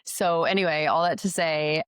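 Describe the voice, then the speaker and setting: A woman's voice: sits low, steady tone, normal speed, a bit bright, clear, resonant tone, no echo, studio quality. A woman hosting a podcast, chatting in an encouraging way and sharing her own stories. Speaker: podcast host. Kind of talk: casual podcast interview.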